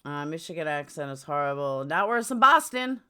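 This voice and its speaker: In a clean, bright, forceful tone, a middle-aged woman with a New York accent chats on a livestream from her home. She speaks at normal speed in a deep voice with big pitch swings, staying blunt and jumping from subject to subject.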